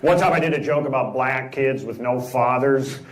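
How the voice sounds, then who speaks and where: A man performs a stand-up set at a club, working the crowd with dry one-liners and teasing jabs. He talks at medium pitch and a moderate pace. The live stage recording is buried under loud noise.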